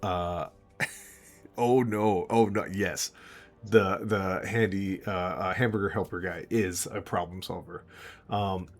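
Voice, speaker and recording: A man narrating a tabletop game as game master. He has a lowish voice and rambles along, laughing often.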